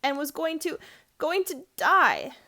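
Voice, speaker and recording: A woman's voice: a little high, animated, brisk, a bit bright. A woman reading a storybook aloud, voicing a miserable, wound-up young boy who talks in an upset, earnest way and stumbles over his words. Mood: distressed.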